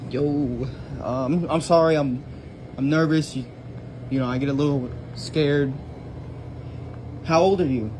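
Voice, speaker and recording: Filming himself with a handheld phone camera on a night shift inside a store, a young man sounds nervous and jumpy, using slang and cutting off mid-sentence in these frightened clips. His voice is fairly high, unhurried, and broken by frequent pauses, with noise in the background.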